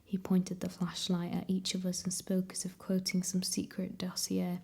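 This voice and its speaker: A woman reading a novel aloud in a soft, steady whisper, as whispered role-play for relaxation. Her tone is mellow and low with very little rise and fall. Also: moderate pace, gravelly, few pauses, breathy edge. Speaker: ASMR reader.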